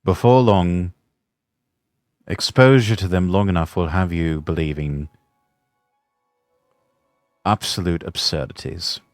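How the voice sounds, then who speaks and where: A man's voice: sits low, slow, long pauses, no room sound, faint music behind. A man hosting a stream, chatting in a sarcastic, crude and mocking way. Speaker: streamer host. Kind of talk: casual stream chat.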